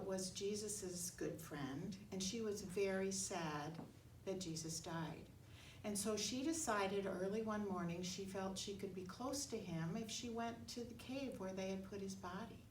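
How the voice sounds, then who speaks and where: A woman tells a Bible story to young children, using gentle, simple words. She sounds like she is standing well back from the mic in an echoey church. A faint hiss runs under her voice. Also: medium pitch. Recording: echoey room, mic far off, faint noise.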